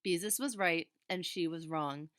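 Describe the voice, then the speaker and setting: A woman, a teacher, reading a children's chapter book aloud in a steady, expressive way. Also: on the low side, unhurried, no echo, clean studio sound. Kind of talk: storybook read-aloud.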